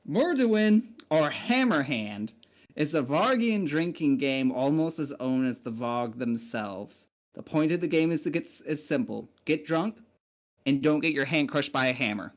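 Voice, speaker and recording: Male game master, casual rambling narration, fairly high voice. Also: expressive, unhurried. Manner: casual, rambling with many fillers.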